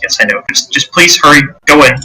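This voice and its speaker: A man voicing an anxious town governor who speaks in a hurried, hushed and pleading way. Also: a little high, slightly rough, voice pushed up, heavily acted, low-quality recording. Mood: urgent.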